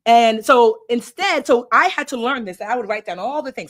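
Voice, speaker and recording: A woman hosting a live online workshop as a life coach, animated and emphatic, with preachy repetition. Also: fairly high pitch, normal speed, few pauses.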